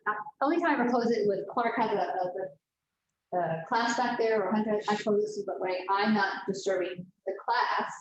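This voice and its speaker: A woman who works as a real estate agent, talking to fellow agents in a loud, excitable way and acting out her stories. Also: mid-range voice, normal speed. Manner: loud, excitable, animated storytelling. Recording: roomy, muffled room recording with faint noise.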